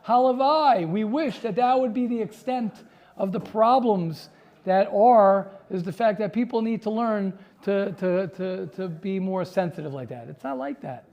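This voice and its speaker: High-pitched man rabbi teaching a class, fired up, lots of repeats and restarts. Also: unhurried, warm tone, muffled recording. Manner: impassioned, repeats phrases, many restarts. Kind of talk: sermon to a live class.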